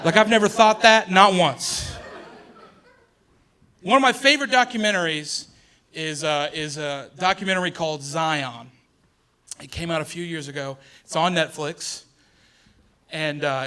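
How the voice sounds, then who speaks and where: A male stand-up comedian with a high, bright voice. He talks chattily on stage and corrects himself mid-sentence. He often laughs through his lines. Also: moderate pace. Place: comedy stage before an audience.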